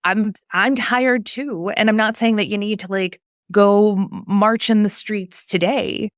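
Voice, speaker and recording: A woman's voice: mid-range voice, steady tone, unhurried, no room sound, clean studio sound. A woman co-hosting a podcast, speaking in a thoughtful, reflective way. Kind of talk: podcast discussion.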